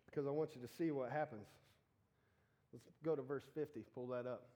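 A man preaching a casual sermon, animated and joking as he talks straight to the congregation. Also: mid-range voice, brisk, muffled recording.

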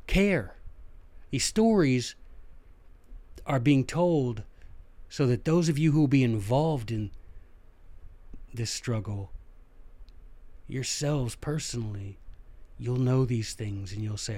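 A man's voice: mid-range voice, unhurried, pauses often. Folksy Southern man telling history. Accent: Southern American. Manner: animated, folksy, addresses listeners directly. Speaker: podcast host. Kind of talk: casual history storytelling.

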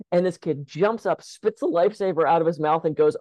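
A woman co-hosting a casual podcast, a lively, chatty storyteller who acts out the lines she quotes. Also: low-pitched, brisk, hardly any pauses, no room sound. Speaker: podcast co-host.

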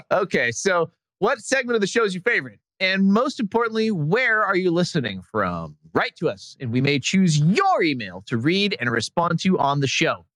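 A man's voice: sits high, big pitch swings, moderate pace, fairly bright tone, dry recording. Jokey, laughing podcast host man. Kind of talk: casual comic chat.

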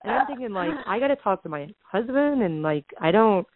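A woman's voice: mid-range voice, brisk, background noise. Woman telling a story over a tinny line. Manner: animated retelling that acts out quoted dialogue. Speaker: podcast guest, real estate investor. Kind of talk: casual storytelling. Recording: dry, tinny phone-line sound.

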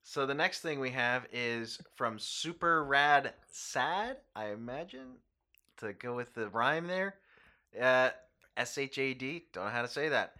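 Bright, playful man reading listener comments. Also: medium pitch, lively intonation, a little slow. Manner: playful, self-deprecating. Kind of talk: casual chat.

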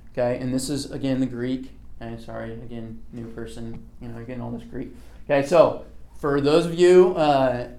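A man's voice: mid-range voice, darkish tone. Man teaching a casual Bible class. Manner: conversational, repeats "okay" often, asks the group questions.

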